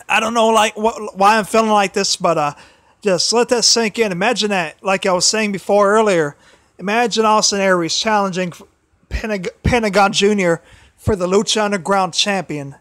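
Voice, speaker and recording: A man hosting a casual solo wrestling livestream, his voice tired from a sore throat, talking haltingly with many restarts and repeated phrases. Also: high-pitched, fairly bright tone, dry recording.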